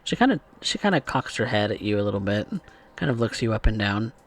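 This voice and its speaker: A man's voice: fairly low pitch, big pitch swings, fast. A man narrating as game master of a tabletop game, in a loose, rambling way.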